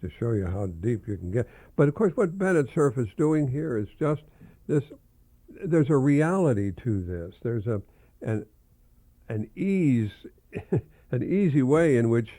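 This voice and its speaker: An older male professor hosts a radio talk, reading children's jokes aloud in a rambling, affectionate manner and chuckling often. His voice is medium-pitched and dark-toned on a dry recording.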